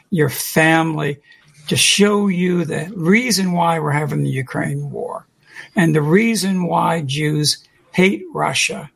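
A man co-hosting a call-in show, delivering an emphatic, deliberate monologue and repeating his key phrases. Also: fairly high pitch, vocal fry, slightly rough.

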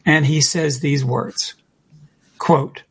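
A man holding forth as co-host of a call-in talk show, pressing his points emphatically and repeating them for effect. His voice sits a little high for a man, with a rough, husky edge and a lot of gravelly fry. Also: fairly even intonation. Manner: emphatic, deliberate, repeats key phrases.

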